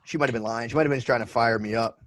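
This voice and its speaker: A man's voice: mid-range voice, steady tone, rapid-fire, a bit bright, no room sound, low-quality recording. A man in his twenties co-hosting a casual podcast, telling loose, profane stories full of restarts. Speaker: podcast co-host.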